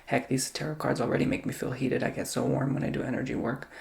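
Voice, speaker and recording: A man giving a chatty, theatrical ASMR tarot reading that keeps dropping into soft whispers. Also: medium pitch, flat delivery, fast, gravelly.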